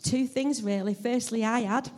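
Warm-voiced woman preaching earnestly. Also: a little high, fairly even intonation. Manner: earnest, heartfelt, measured delivery. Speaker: lay preacher. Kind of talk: church sermon with personal testimony. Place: church service.

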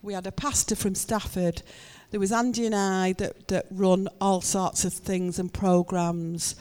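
A woman sharing an animated story as a speaker in a talk. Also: medium pitch, a little slow. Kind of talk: testimony in a talk.

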